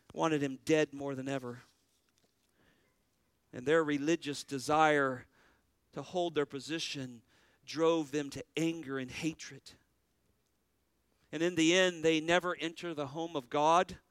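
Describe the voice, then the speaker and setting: A man's voice: on the high side, a bit bright, clear, resonant tone, no echo, studio quality. A man preaching a sermon as pastor, earnest, with a rising and falling preaching cadence.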